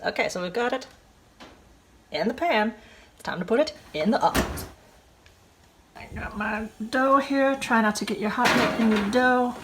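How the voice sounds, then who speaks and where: A woman hosting a casual cooking show from her home kitchen, talking chattily and excitably to viewers as she works through each step. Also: medium pitch. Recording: background noise and clicks.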